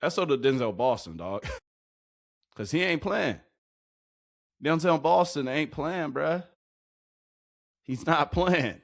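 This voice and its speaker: A man's voice: fairly high pitch, takes it slowly, vocal fry, pauses often. Hyped young man breaking down football clips. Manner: excitable, slangy, repeats lines, laughs often. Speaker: football reaction commentator. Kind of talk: casual hyped clip breakdown.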